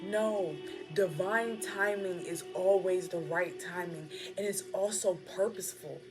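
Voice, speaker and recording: A woman's voice: fairly low pitch, measured pace. A woman giving a casual, slangy spiritual pep talk while reading tarot cards. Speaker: tarot reader. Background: background music.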